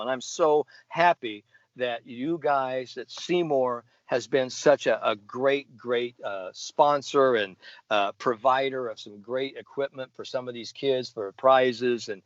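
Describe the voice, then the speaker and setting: An older man, a golf sports psychologist, tells stories in an interview with keen enthusiasm, filling them with fillers and restarts. His voice is medium-pitched, captured in a dull, dry, lo-fi recording.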